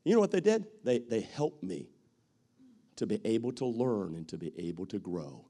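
A middle-aged man, a pastor, preaching a sermon with strong feeling, jumping from loud calls to soft, quiet words and acting out what others say. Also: on the low side, very animated, moderate pace. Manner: emotive preaching with acted-out quotes, swings from loud to soft.

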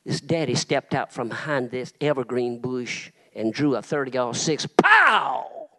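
Older preacher, dramatic revival style, hushed whispers swelling to full shouts. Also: male voice, medium pitch, fairly even intonation, normal speed.

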